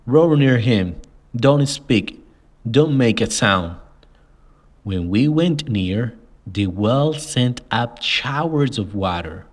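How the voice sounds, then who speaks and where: A man reading a simplified adventure story aloud as the narrator, in a slow, measured way. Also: on the low side. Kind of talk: scripted audiobook narration.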